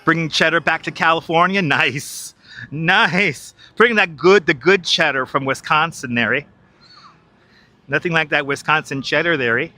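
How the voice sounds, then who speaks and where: Talking at a moderate pace, a man from New York uses a high, bright, forceful voice while live-streaming a casual walking tour of a large city park. Miked with a wireless clip-on, he's chatty, reads viewer chat out loud, and laughs readily.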